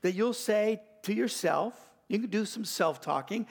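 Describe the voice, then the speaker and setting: An older man, a pastor, preaching a sermon with folksy stories, rising louder and higher to stress his points. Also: measured pace, gravelly, few pauses, breathy edge. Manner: animated, rising in pitch and volume to stress points; folksy storytelling with restarts.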